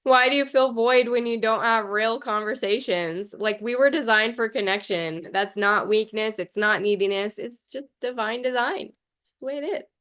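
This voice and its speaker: A woman's voice: on the high side, moderate pace, fairly bright tone, clear, resonant tone. A woman coach talking straight to camera in a casual vlog, chatty and passionate, blunt, swearing and saying "like" a lot. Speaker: life coach.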